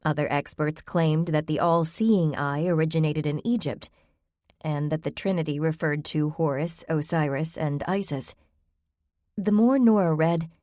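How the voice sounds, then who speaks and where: A woman narrating a mystery novel in a calm, even storytelling manner. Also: sits low, no room sound, studio quality. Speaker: audiobook narrator. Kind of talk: scripted narration.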